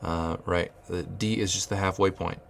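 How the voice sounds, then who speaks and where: A man's voice: low-pitched, fairly even intonation, moderate pace, vocal fry, a little hiss or hum. A man teaching rhythmic solfege, explaining note beams and chanting counting syllables, often restarting his phrases. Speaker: music teacher.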